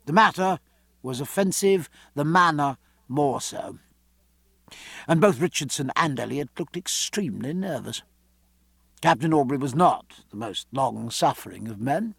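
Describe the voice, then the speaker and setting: Male audiobook reader, expressive and animated, dry studio sound. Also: fairly high pitch, unhurried, vocal fry, breathy edge, no echo. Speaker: audiobook narrator. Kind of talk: scripted narration.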